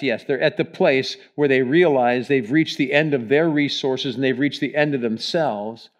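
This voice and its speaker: Male pastor, sermon in a church, shifts from loud to hushed. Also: fairly high pitch. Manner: preaching with sharp swings from loud emphasis to hushed prayer; leads the congregation in reading aloud together. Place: church sanctuary.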